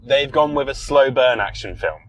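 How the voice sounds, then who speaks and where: A man's voice: mid-range voice, animated, normal speed, slight background noise, rough recording. A man co-hosting a podcast, chatting casually about a film he has seen. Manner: chatty, swears when startled. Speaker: podcast co-host. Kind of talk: casual film review chat. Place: inside a car.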